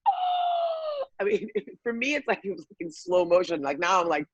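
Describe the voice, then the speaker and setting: Woman guest, animated storytelling, husky voice, dry close sound. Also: medium pitch, fairly quick, dry recording, highs cut off. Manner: lively, acts out quotes, many fillers.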